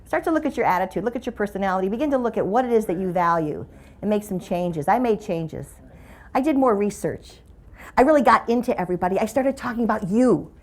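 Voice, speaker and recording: Talking fast in an expressive, mid-range voice with a darkish tone, a middle-aged motivational speaker gives a funny keynote, sharing stories playfully and conversationally.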